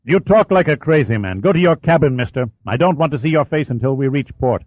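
A man's voice: medium pitch, fast talker, no echo, natural voice. A man reading an audiobook and voicing a hard-drinking, bullying male ship captain who roars and snarls at his officers. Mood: roaring. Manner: roaring, snarling, coldly menacing. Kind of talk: audiobook character voice. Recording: tinny phone-like sound.

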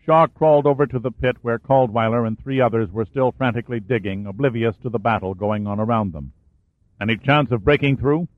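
A man reading a war thriller aloud as an audiobook narrator, in steady storytelling. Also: medium pitch, fairly quick, few pauses, no room sound. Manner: steady storytelling, lifts and raises his voice for shouted dialogue. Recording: dry, tinny phone-like sound.

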